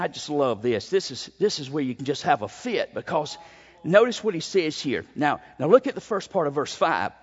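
A male pastor preaching a sermon, emphatic, with sudden swings in pitch and pace. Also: breathy edge. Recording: dull sound with long hall reverb.

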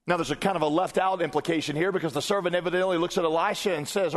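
A male pastor with a slightly high voice preaches in an easygoing, conversational way. He reads scripture aloud and acts out the voices in it. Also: fast talker, hardly any pauses. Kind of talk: sermon.

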